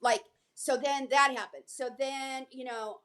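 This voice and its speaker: Brief: woman guest, lively storyteller, voices other people's lines, a touch high-pitched. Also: unhurried, smooth. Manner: animated, acts out quotes from others. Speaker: guest actress. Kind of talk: casual storytelling.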